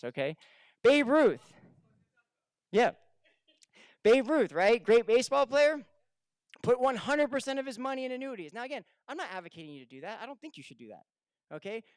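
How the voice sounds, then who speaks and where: A man giving a lively seminar talk on retirement income, asking the room questions and telling stories. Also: high voice, clean tone, no echo. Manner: energetic, conversational, asks the room questions. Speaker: financial advisor speaking at a seminar. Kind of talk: live seminar talk to an audience. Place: room with a live audience.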